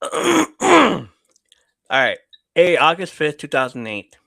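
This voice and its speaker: A man's voice: a little high, huge pitch swings, slow pace, vocal fry, bright, forceful tone, dry recording. A man hosting a live podcast, casually reading viewer messages aloud and laughing often. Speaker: podcast host reading chat. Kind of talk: casual live-stream chat.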